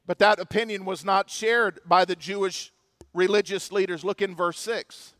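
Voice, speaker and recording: Man, pastor, very high voice, impassioned sermon, dry close sound. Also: steady tone, normal speed, no echo. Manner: impassioned preaching with dramatic swings between loud and hushed.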